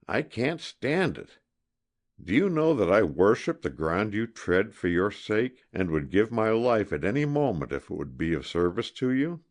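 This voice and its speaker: A man's voice: lowish voice, sing-song, normal speed, voice pushed up. A man voicing a jealous, volatile young hunter in an audiobook, pleading and then savagely threatening. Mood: desperate. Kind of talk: audiobook character reading.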